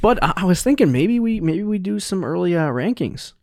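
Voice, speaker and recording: A man's voice: high-pitched, big pitch swings, fairly quick, darkish tone, no echo, studio quality. A young man co-hosting a casual sports podcast, rambling, correcting himself mid-sentence and laughing often as he talks into a podcast mic. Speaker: podcast co-host.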